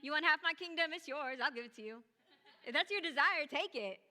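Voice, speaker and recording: A woman voicing a doting ancient king, loud and casual, using slang as he offers everything away. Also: high-pitched, animated, a little fast, big-room sound, slight background noise, pitched above the performer's own voice, exaggerated voice. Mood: generous.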